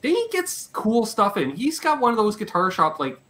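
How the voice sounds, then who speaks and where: A playful Canadian man runs a live chat show and rattles through a roll call of viewer names. His voice sits fairly high and swings all over, with a bright edge. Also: wildly swooping pitch, normal speed. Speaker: podcast host.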